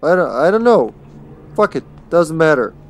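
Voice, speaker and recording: A man's voice: fairly high pitch, big pitch swings, normal speed. A man streaming a video game live, chatting casually to himself with swearing and chuckles. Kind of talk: live gaming commentary.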